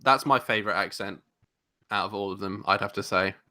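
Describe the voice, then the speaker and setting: Brief: London-accented male podcast co-host, low bright voice, talks in eager restarts. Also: brisk. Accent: London English. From England. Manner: animated, rambling with many restarts. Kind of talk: casual chat.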